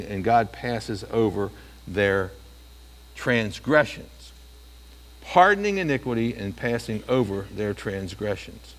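A man's voice: lowish voice, big-room sound. Man preaching with rhetorical questions. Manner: asks the listeners rhetorical questions. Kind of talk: sermon.

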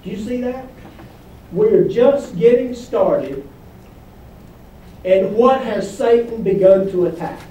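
High-voiced preacher in an echoey hall. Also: male voice, lively intonation, slow pace, long pauses, mellow, far from the mic. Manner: preaching with rhetorical questions to the congregation. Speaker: pastor. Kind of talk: sermon. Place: church hall.

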